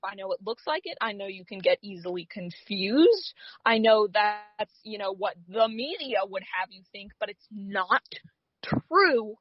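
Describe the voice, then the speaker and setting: A woman's voice: medium pitch, expressive, a little slow, no room sound. A woman co-hosting a comedy podcast, trading dry, sardonic jokes in a mid-range voice. The sound is close and dead, with no room around it. The audio is muffled and lo-fi. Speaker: podcast co-host. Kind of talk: casual comedic chat.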